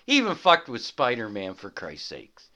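Bright-voiced podcast host. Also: male voice, medium pitch, huge pitch swings, moderate pace. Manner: swearing, enthusiastic comic-book fan. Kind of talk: casual chat.

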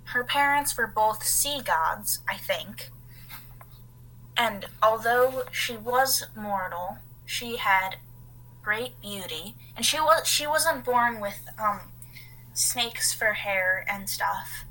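A woman's voice: fairly high pitch, expressive, slow pace, bright, forceful tone, slight background noise, poor audio. A woman co-hosting a podcast, telling a story in a casual, rambling way as she reads from her notes and adds asides. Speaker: podcast co-host.

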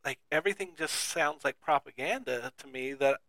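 A man's voice: mid-range voice, normal speed, bright, forceful tone, no echo. A man co-hosting a podcast in casual chat, rambling and skeptical, stumbling and restarting as he talks. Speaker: podcast co-host.

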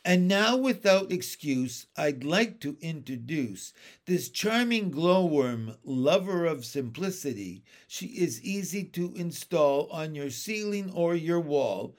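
A man's voice: a little high, animated, slow pace. A man voicing a cheerful, friendly young boy who reciting rhymes eagerly in a storybook reading. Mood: rhyming. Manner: bright and eager.

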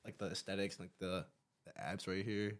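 A man's voice: deep voice, fairly even intonation, normal speed. A young man as a podcast guest, chatting casually with enthusiastic, hyped-up energy. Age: young adult. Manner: hype, enthusiastic, laughing. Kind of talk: casual chat.

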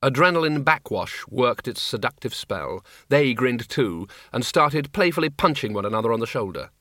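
A male narrator reads a comic fantasy audiobook with a dry, measured delivery. His voice is bright and forward. The studio is dry and close. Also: medium pitch, big pitch swings, no echo. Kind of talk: scripted narration.

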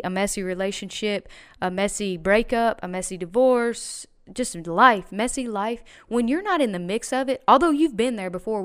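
A woman's voice: medium pitch, smooth. A woman chatting as a podcast guest, telling a personal story in a rambling, emphatic way with many restarts. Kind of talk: casual podcast chat.

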